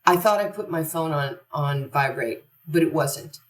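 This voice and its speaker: Older woman, very low voice, animated long-winded storyteller, podcast guest, echoey room, distant mic. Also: moderate pace. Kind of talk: conversational storytelling.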